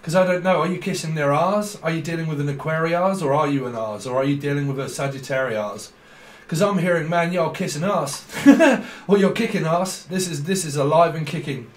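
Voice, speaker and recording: A man's voice: fairly high pitch, fairly quick, roomy sound. A man giving a casual tarot reading, playful and rambling, breaking into laughs often. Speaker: tarot reader.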